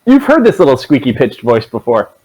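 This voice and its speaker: A man's voice: medium pitch, wildly swooping pitch, a little fast, a little mellow, low-quality recording. A young man running a tabletop game as dungeon master, joking with his players.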